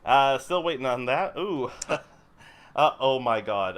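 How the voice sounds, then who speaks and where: A man in an improv comedy show, reading out audience suggestions in a relaxed, amused way. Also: mid-range voice, takes it slowly. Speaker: improv performer.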